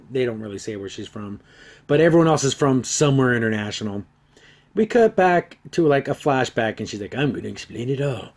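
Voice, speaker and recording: Man, podcast host, casual review, sarcastic, exasperated, mid pitch. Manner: lively swings in pitch and loudness.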